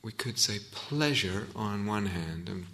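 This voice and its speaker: A man's voice: fairly low pitch, animated, unhurried, sharp tone. A man giving a reflective Dharma talk as a meditation teacher in a hall, often restarting and searching for words.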